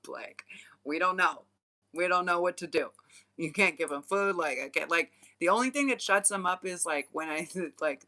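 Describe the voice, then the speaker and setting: Bright, laughing, slangy young storyteller. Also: mid-range voice. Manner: laughs often, swears freely, loose slangy talk full of "like". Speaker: spiritual channeler and vlogger. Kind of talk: casual rambling chat.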